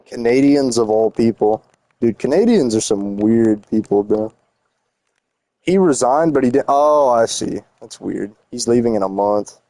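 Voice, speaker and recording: A man's voice: medium pitch, unhurried, mellow, no echo. A young man streaming a game, chatting casually and teasing his chat in slangy, rambling talk while he builds.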